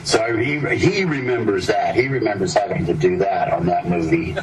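A man's voice: sits low, moderate pace, over a noisy crowd. A man telling meandering anecdotes, breaking off mid-sentence and chuckling at his own stories. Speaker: storyteller. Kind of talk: rambling anecdotal storytelling. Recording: distant mic with clear background noise.

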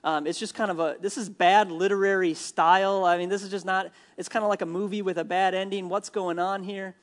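A male pastor from Minnesota preaching a sermon in a church, animated and jokey, acting out the people he quotes. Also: high-pitched, brisk. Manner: animated, jokey asides, acts out quoted lines.

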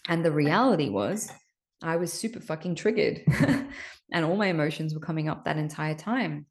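A woman's voice: deep voice, animated, moderate pace, darkish tone. A woman hosting a podcast, telling a personal story in a candid, emphatic way, swearing casually and often checking in with "right?". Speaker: podcast host.

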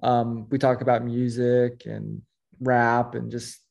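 A man with a mid-range voice talks as a podcast guest, easygoing and unhurried as he tells his story. His delivery is casual and conversational. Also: medium pitch, flat delivery, vocal fry, darkish tone. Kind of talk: casual interview chat.

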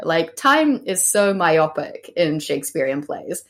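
A woman's voice: low-pitched, sing-song, unhurried, hardly any pauses. Woman co-host, casual and profane, hesitant. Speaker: podcast co-host. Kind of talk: casual discussion.

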